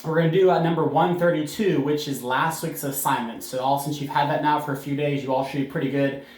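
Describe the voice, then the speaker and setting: Relaxed band teacher in an echoey room. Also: male voice, fairly high pitch, fast talker. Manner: relaxed explaining with frequent uh fillers, counting beats aloud. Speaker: middle school band teacher. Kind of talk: recorded music lesson.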